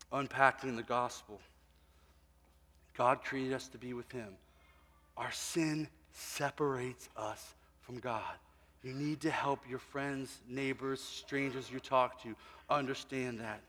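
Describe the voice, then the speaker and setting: A man preaching a sermon, telling stories and acting out the people in them, with animated swings between soft and loud delivery. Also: medium pitch. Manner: animated storyteller, voicing people in his anecdotes, swinging from quiet to shouting. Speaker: pastor. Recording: long hall reverb. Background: congregation.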